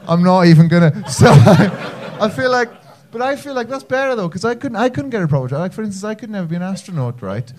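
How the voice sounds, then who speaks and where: Cheeky North Welsh stand-up comedian. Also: male voice, high-pitched, expressive, fast, few pauses, background noise. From Wales. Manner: cheeky, self-mocking banter with the audience. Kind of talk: stand-up set with crowd work. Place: comedy club stage.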